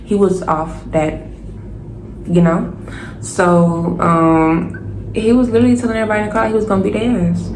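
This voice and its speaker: A young woman telling a storytime to her viewers, animated and casual, addressing them directly. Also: mid-range voice, normal speed, pauses often. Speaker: vlogger. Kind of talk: storytime vlog. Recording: roomy echo, faint noise.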